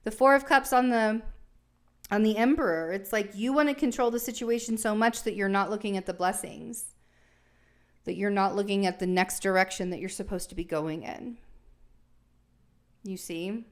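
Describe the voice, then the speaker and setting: A woman's voice: mid-range voice, normal speed, long pauses. A young adult woman giving a casual tarot reading, talking in a rambling, reassuring way with lots of fillers and restarts. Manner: rambling, reassuring, thinks aloud with many fillers. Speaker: tarot reader.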